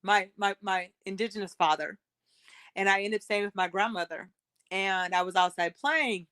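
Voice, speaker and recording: A woman's voice: mid-range voice, moderate pace, fairly bright tone, smooth. A woman from California, earnest and reflective, telling a personal story in a casual conversation. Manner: earnest, reflective, spells things out. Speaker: podcast guest.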